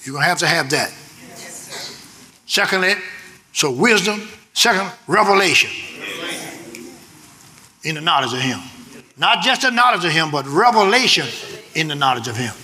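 A male pastor preaching a sermon, emphatic and repetitive, swinging from shouted lines to low, quick asides. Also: big pitch swings.

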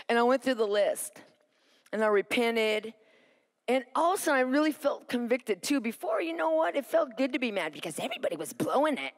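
Animated woman preaching a testimony. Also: a little high, a little fast. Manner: animated storytelling, acts out her own quoted thoughts; asks the audience for responses. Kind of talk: sermon with personal testimony.

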